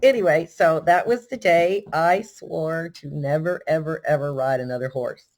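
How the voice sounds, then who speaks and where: An older woman from Texas with a Texan accent, telling a story in a casual, animated, self-deprecating way. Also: low voice, moderate pace. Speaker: vlogger.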